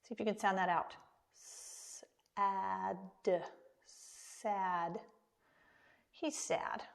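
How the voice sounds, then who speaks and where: An American woman teaching an online preschool lesson, speaking slowly and encouragingly to small children. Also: mid-range voice, animated.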